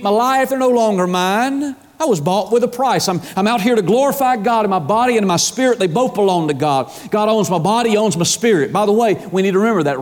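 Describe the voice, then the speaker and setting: High-voiced preacher in a reverberant hall. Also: male voice. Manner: folksy, emphatic preaching with rising and falling intensity. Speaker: pastor. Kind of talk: sermon. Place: church sanctuary.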